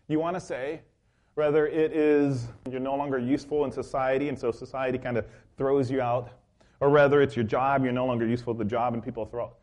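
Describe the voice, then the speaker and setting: A man's voice: mid-range voice, a little mellow. A man preaching a sermon as pastor, telling a story with many fillers and restarts.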